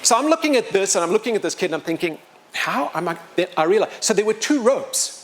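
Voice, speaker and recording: Animated man telling a story live. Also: high voice, fast, slight background noise. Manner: animated, self-mocking humor, wide swings in loudness. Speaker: storyteller and motivational speaker.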